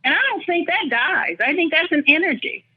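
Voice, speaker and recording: Older woman, high-pitched, earnest interview guest; dull lo-fi recording. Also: animated, fairly quick. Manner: thoughtful, earnest, speaks with feeling. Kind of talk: reflective personal storytelling.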